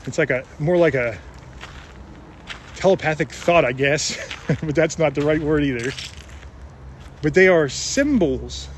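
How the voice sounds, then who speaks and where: A man's voice: a little high, fairly even intonation, normal speed, pauses often, a little hiss or hum. A man giving an earnest, casual religious talk, retelling Bible stories with frequent restarts. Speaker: religious speaker.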